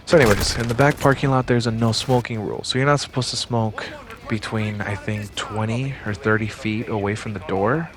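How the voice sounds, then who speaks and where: A man's voice: fairly low pitch, a little fast. A man and former security guard, casually telling a story in a rambling, profane way with lots of fillers.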